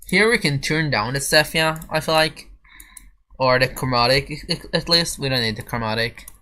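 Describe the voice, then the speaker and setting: A man's voice: medium pitch, normal speed, bright, forceful tone, a little hiss or hum. A man streaming casually while building a game level, rambling and chatting back to his viewers. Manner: rambling, answering chat, mangling French phrases.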